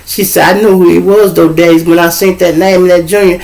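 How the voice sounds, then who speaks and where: A middle-aged man spins family stories in a casual monologue. His voice sits a little high for a man, and his delivery is profane and lively. He slips into the voices of the people he quotes. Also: a little fast, vocal fry, poor audio. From Chicago. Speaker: host.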